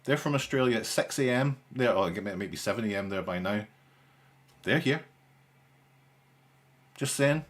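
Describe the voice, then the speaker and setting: A man's voice: fairly low pitch, lively intonation, normal speed, long pauses. A young man hosting a live stream in casual chat, with dry, sarcastic humour and a rambling way of talking. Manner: rambling, with frequent restarts and fillers.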